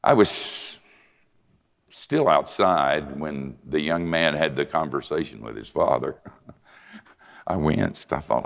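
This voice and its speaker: An older man preaching a sermon and telling a story in an animated, conversational way. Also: a bass voice, takes it slowly, creaky. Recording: reverberant hall.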